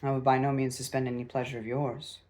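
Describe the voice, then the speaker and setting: A man reading the lines of a proud, reserved young gentleman in a grave, measured way. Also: mid-range voice, flat delivery, natural voice.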